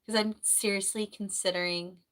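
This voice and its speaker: A woman streams live in a casual, rambling chat and reads out comments as she goes. She speaks softly at a middling pitch, and her sore throat makes her clear it now and then. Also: little pitch movement, normal speed. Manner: chatty, rambling, soft-spoken.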